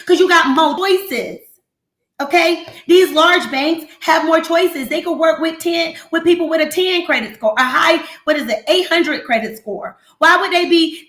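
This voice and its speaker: A woman host with a high, bright voice gives straight, playful business talk, full of slang and repeats. Her voice rings in an echoey room. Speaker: accountant hosting a business talk show. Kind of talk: lively casual talk.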